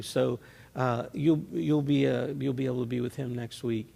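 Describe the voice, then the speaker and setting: Gravelly pastor preaching. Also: male voice, mid-range voice, steady tone, moderate pace, darkish tone. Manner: folksy, storytelling with homely analogies. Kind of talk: conversational sermon. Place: church sanctuary. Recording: reverberant church hall.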